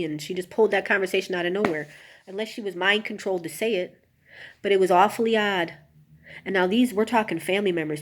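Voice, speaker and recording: A woman's voice: mid-range voice, fast. A woman telling personal stories in a confessional vlog, talking straight to her viewers with many asides and turning emotional. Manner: emotional, rising to an anguished near-shout, then subdued. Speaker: vlogger.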